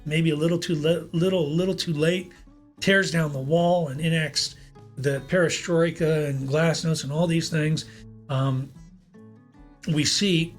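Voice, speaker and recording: A man telling a personal story on his podcast, animated and a little higher-pitched than most men. He stumbles over repeated words and chuckles as he goes, over faint guitar music. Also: a little slow. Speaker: podcast host.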